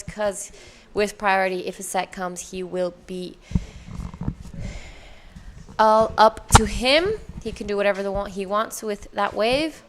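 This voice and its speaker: A female surf commentator walks through each ride turn by turn, upbeat and precise. She sounds engaged and admiring while keeping the analysis clear. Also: mid-range voice, fairly bright tone, slight background noise. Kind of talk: live sports commentary.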